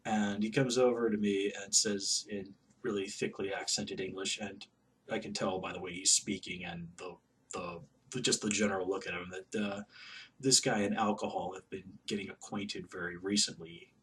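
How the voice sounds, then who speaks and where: A man with a lowish voice tells a story in a casual, halting way. He stops and restarts often, with plenty of ums and likes. The mic sits a bit away from him, and faint noise hums in the background. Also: fairly even intonation, fairly bright tone, far from the mic. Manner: hesitant, many fillers and restarts. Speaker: vlogger.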